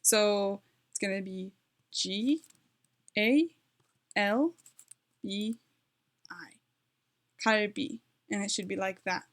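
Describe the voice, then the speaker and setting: A woman gives a relaxed language tutorial at home, her dog close by, speaking slowly at a medium pitch with long pauses. She's chatty and fixes her own mistakes as she types.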